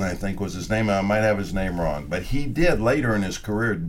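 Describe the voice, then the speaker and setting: A man telling old stories in a casual chat, acting out quotes with sudden loud bursts. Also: lowish voice, fairly quick, hardly any pauses, a crowd in the background. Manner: animated, acts out quotes with sudden loud outbursts. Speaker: former radio announcer.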